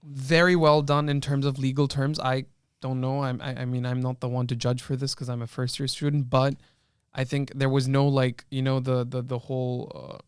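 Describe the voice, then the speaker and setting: A man's voice: medium pitch, little pitch movement, normal speed, smooth, no echo, studio quality. A young man, a law student, earnestly retelling a film in a casual panel discussion, with many restarts.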